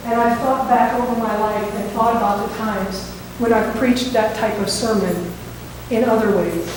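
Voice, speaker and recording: A woman pastor preaching a sermon, telling a story in a conversational, animated way. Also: on the high side, moderate pace, background noise. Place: church sanctuary. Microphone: microphone that cut out. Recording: echoey hall, voice from far off.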